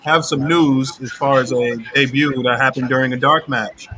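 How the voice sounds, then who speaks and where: A man co-hosting a casual wrestling watch-along, measured and informative as he shares news. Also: medium pitch, steady tone, pushed and bright, low-quality recording. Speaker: podcast co-host.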